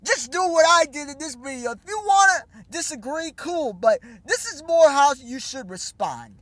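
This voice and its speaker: A man's voice: extremely high pitch, expressive, moderate pace, fairly bright tone, no echo. A young man ranting in a sarcastic, scornful vlog commentary full of casual slang. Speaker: vlogger. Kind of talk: mocking commentary rant.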